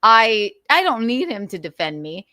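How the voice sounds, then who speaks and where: A woman's voice: on the high side, big pitch swings, moderate pace, bright, forceful tone, no room sound, clean studio sound. A woman hosting a casual livestream, talking animatedly with frequent laughs and restarts. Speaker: livestream host.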